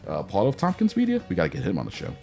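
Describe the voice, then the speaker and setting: A man's voice: mid-range voice, huge pitch swings, racing, vocal fry, dark tone, faint music behind. A man hosting a podcast in casual chat, rambling through plugs and correcting himself as he goes. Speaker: podcast host.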